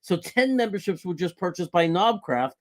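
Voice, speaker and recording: A man's voice: sits high, animated, moderate pace. A man co-hosting a casual sports livestream, talking in an easygoing way and chuckling along. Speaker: podcast co-host.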